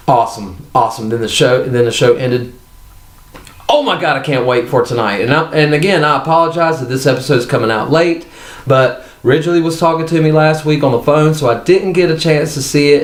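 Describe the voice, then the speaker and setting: A man's voice: medium pitch, echoey room. A man hosting his own TV review channel, talking in a casual, rambling and enthusiastic way with frequent restarts.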